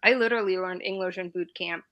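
A woman's voice: fairly low pitch, fast talker, highs cut off. A woman in her forties, from East Germany and, telling stories in a casual talk as a guest veteran. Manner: storytelling, laughs often, animated. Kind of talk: casual chat on a live stream.

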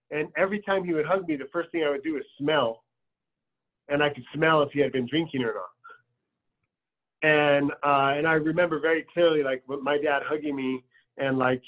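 A man telling a personal story in a loose, conversational way with lots of fillers. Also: fairly high pitch. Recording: tinny phone-like sound.

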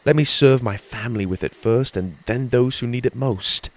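A man reading a first-person fairy-tale story in an earnest, expressive way. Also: mid-range voice, normal speed, rough recording. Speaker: storyteller and podcast host.

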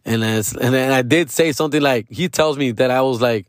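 A man's voice: mid-range voice, moderate pace, dry recording, clean studio sound. A male comedian telling a story casually, profane and slangy, dropping into Spanish phrases.

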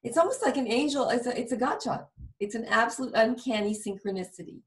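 A woman's voice: a little high, expressive, quick pace. A woman guest earnestly telling a personal story in a conversation. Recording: roomy, distant sound.

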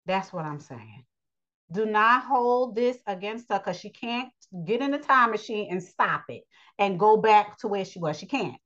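Blunt, preachy woman on a dull recording. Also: mid-range voice. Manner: blunt and preachy, drawn-out pauses with fillers. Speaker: teacher of a daily lesson. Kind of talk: spoken religious lesson on relationships.

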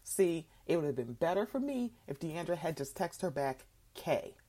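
A woman's voice: deep voice, big pitch swings, normal speed, mellow. A woman guest podcaster giving blunt, sarcastic commentary in a casual way.

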